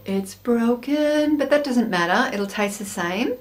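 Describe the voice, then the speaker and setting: A woman's voice: medium pitch, lively intonation, moderate pace, a little hiss or hum. An Australian woman hosting a snack taste-test vlog, chatting to camera in a bubbly, self-mocking way. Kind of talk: casual chat to camera.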